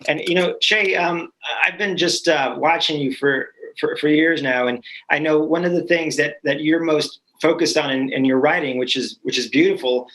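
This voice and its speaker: A man's voice: fairly high pitch, normal speed, hardly any pauses, a bit bright, rough recording. Give me a friendly, rambling male host. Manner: friendly, rambling with many restarts. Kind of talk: casual panel discussion.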